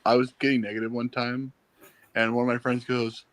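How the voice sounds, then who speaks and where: Male streamer, relaxed banter, jokey and playful. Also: medium pitch, quick pace. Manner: joking, playful storytelling. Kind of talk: casual chat.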